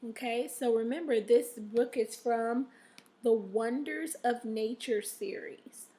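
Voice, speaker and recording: A woman's voice: a little high, slow, dark tone. A woman teacher giving a recorded reading and word-study lesson to her class, checking in often with "okay?". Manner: encouraging, checks in with frequent "okay?".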